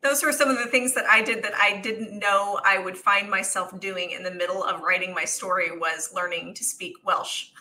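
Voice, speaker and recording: A woman co-hosting an author podcast, her voice very bright and ringing. She talks in a loose, chatty way and laughs often as she goes. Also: mid-range voice, steady tone, normal speed, few pauses, rough recording. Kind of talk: casual chat.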